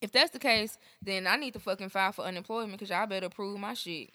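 A woman co-hosting a podcast in casual chat, with profane, animated storytelling. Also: medium pitch, quick pace, no echo. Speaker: podcast co-host.

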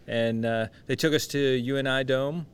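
Male pastor guest, smooth resonant voice, animated storyteller. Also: medium pitch, normal speed. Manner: animated anecdote teller, acts out quotes. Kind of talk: casual storytelling chat. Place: conference venue.

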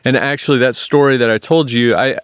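A man in his thirties telling a personal story as a podcast guest, halting often with restarts and fillers. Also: mid-range voice, steady tone, clear, resonant tone, no echo, studio quality. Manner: rambling, halting, many restarts and ums.

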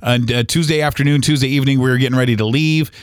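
A man in his forties tells a personal story on a podcast, his voice sitting at an ordinary middle pitch. He speaks earnestly and haltingly, often pausing on fillers and starting his sentences over. The recording is close and dry. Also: steady tone, clean tone, no room sound. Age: 40s. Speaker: podcast host.

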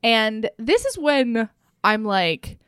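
A woman co-hosting a podcast, recapping a romance novel in casual chat, animated and profane, often laughing. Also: on the high side, slow pace, slight background noise. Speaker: podcast co-host.

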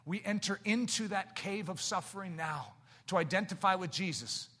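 A man preaching a sermon, swinging from hushed, low passages to shouted climaxes and pressing the listeners with rhetorical questions. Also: lively intonation, normal speed.

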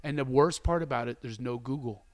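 A man's voice: medium pitch, brisk, dry recording. A man in his sixties hosting a podcast in casual chat, telling stories with lots of laughter and acting out the lines he quotes. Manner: animated storyteller who acts out quoted lines; laughs often while talking. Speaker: podcast host.

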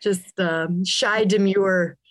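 A woman's voice: medium pitch, steady tone, takes it slowly. A woman from Southern California hosting a podcast interview, playful and self-deprecating, laughing easily. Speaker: podcast host. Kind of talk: casual interview chat.

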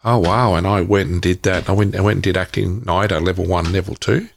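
Low gravelly man telling his story. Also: fairly even intonation, fast, slight background noise. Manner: frank, repetitive restarts, occasional swearing. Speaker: guest. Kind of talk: candid personal storytelling.

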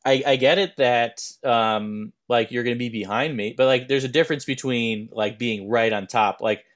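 A young man at an ordinary middle pitch, chatting casually as a podcast co-host. He rambles, circles back and restarts his sentences as he tells a story. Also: moderate pace. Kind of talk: casual chat.

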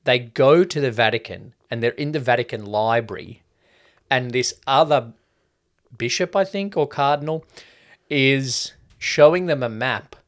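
A man's voice: mid-range voice, measured pace. Rambling man reviewing a film. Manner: rambling, swears casually, retells plots loosely. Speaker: podcast co-host. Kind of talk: casual film-review chat.

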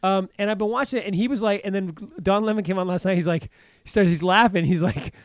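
A man's voice: high-pitched, fast, clear, resonant tone, no echo, clean studio sound. A man co-hosting a casual political chat, rambling with frequent restarts and acting out others' words in a raised voice. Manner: rambling, with many restarts and stammers.

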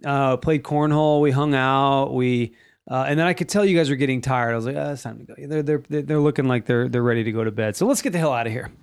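A man's voice: mid-range voice, quick pace, smooth, no echo, studio quality. A man hosting a podcast, reading listener chat aloud in a casual, stammering way. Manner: reads listener comments aloud with stammered restarts.

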